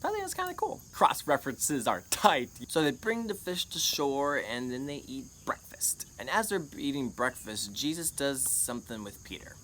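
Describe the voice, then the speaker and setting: A man's voice: mid-range voice, fairly bright tone, a little hiss or hum, poor audio. A man teaching a casual Bible lesson, chatty and playful, with joking asides.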